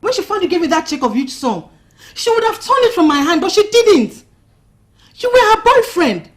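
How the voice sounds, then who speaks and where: An actress playing a hurt young bride who confronts her fiancé in a reproachful, pleading way. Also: very high-pitched.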